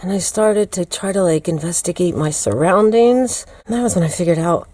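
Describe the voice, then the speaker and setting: A woman's voice: lowish voice, moderate pace, darkish tone. An American woman telling a personal story in a casual storytime vlog, acting out her own quotes. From United States. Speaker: storyteller vlogger.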